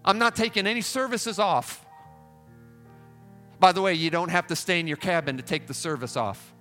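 Man preaching at camp meeting, high voice, bright, fervent, pleading, faint music behind. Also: moderate pace, in a large hall. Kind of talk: revival camp meeting sermon. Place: large tabernacle.

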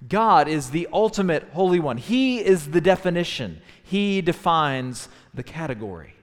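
A man's voice: fairly high pitch, sing-song, unhurried. A man preaching a sermon, teaching in a thoughtful tone with frequent restarts. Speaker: pastor. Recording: long hall reverb.

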